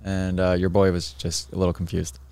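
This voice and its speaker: A man co-hosting a casual podcast, rambling through stories in a fairly flat delivery. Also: low-pitched, a little fast, gravelly, clear, resonant tone. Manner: rambling, self-described monotone. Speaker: co-host.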